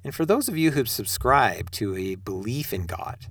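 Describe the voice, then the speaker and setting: A man's voice: fairly low pitch, big pitch swings, moderate pace, a bit bright, breathy edge, no echo, clean studio sound. A middle-aged man giving a sermon-style spiritual talk, asking rhetorical questions and speaking straight to his listeners. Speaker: spiritual teacher.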